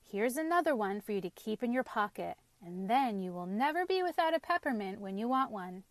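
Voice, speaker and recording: A woman's voice: medium pitch, big pitch swings, brisk, no room sound, close to an everyday voice. A woman reading aloud and voicing a friendly witch who is mischievous by nature, speaking in a confiding way.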